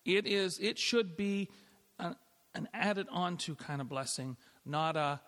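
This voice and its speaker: Conversational pastor in a reverberant church. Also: male voice, a little high, measured pace, a bit bright. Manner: conversational, with frequent restarts and light laughs. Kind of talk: sermon. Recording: long hall reverb.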